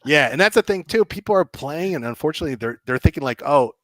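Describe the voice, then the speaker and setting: A man, a game developer guest on a podcast, telling an animated story and acting out the dialogue with lots of restarts. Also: a little high, quick pace, no echo. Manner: excitable, acts out quoted dialogue, many restarts.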